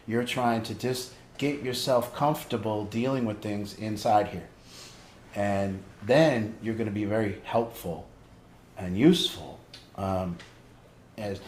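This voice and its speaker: A man's voice: on the low side, darkish tone, echoey room, a little hiss or hum. A man leading a family group as an addiction counselor, frank and conversational, asking pointed questions.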